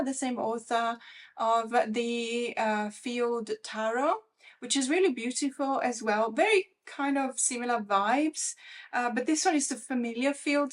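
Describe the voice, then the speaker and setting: Chatty, rambling higher-voiced woman. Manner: chatty and rambling, with frequent fillers and restarts. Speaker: tarot channel host. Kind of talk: casual wishlist vlog. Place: lives in Australia.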